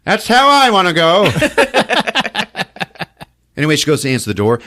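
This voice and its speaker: A man's voice: on the high side, moderate pace, no echo, studio quality. A man hosting a podcast, telling a film's plot in casual, profane, laughing style. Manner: laughing, animated, profane storytelling. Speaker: podcast host. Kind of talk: casual film recap.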